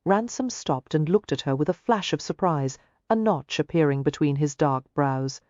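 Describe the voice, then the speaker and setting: A woman reading a novel aloud with a lowish, expressive voice that moves freely in pitch. Her storytelling is measured. The recording is dry and a bit dull. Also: no room sound. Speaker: audiobook narrator. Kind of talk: scripted narration.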